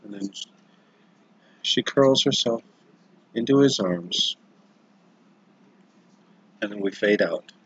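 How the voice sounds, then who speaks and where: A man's voice: on the low side, slow pace, pauses often, a bit bright, husky, dry recording, muffled recording. Chatty man telling a story on stream. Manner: rambling, self-correcting, chatty asides to viewers. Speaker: livestream storyteller. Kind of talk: casual improvised storytelling on a livestream.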